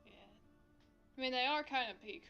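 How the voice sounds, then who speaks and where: A woman's voice: high-pitched, normal speed, clean tone, dull audio, soft background music. A woman streamer chatting casually over a game, ranting and swearing with many fillers. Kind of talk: casual gameplay chat.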